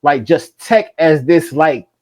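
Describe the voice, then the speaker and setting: A middle-aged man hosting a casual interview, telling stories in a lively, slangy way and laughing often. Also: fairly high pitch, slow pace, low-quality recording. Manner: animated storyteller, slangy and laughing. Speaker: podcast host.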